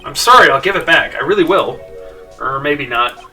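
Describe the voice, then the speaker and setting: A man's voice: a little high, lively intonation, moderate pace, bright, forceful tone, distant mic, faint music behind. A man voicing a timid, gangly male crybaby thief who stammers and keeps backpedaling. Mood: nervous.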